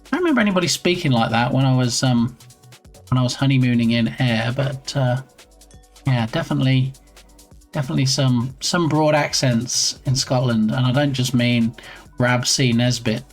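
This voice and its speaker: A chatty male streamer talks casually while working on his game, reading messages aloud in a playful, easygoing way. His voice sits at a middle pitch, and soft music plays faintly behind him. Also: moderate pace. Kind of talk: casual live-stream chat.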